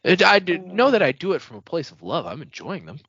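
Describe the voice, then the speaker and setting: A man's voice: fairly high pitch, big pitch swings, a little fast, fairly bright tone, breathy edge. A man co-hosting a casual book podcast, talking candidly and with self-deprecation. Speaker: podcast co-host. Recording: dry, muffled lo-fi podcast audio.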